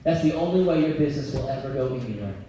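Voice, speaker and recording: A man giving a blunt, energetic motivational talk as a business coach before a live audience, joking and laughing as he goes. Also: medium pitch, fast, slight background noise. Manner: blunt, energetic, jokey, often laughing mid-sentence. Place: event venue before an audience. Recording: very echoey hall, voice picked up from far off.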